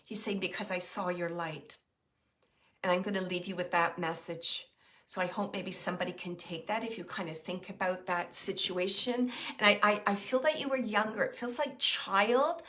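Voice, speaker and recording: Speaking in a bright, clear, mid-range voice, a woman who works as a psychic medium reads live for her audience. Her impressions are voiced the instant they occur, with frequent hesitations, thinking aloud, and little filler sounds in the gaps.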